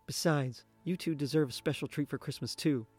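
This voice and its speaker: A man's voice: fairly high pitch, fairly quick, a little mellow, slightly rough, soft background music. A man voicing a tired, stern mother speaking firmly to her son. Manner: weary, stern. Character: weary, stern working mother.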